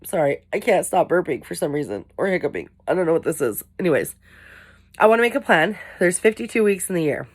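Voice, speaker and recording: A young woman with a low voice talks candidly to her camera. She rambles, corrects herself and pokes fun at her own failings in a loose, chatty vlog style. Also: very animated, fast, few pauses, a little mellow, slightly rough. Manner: candid, rambling, self-deprecating. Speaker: vlogger. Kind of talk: casual talk to camera.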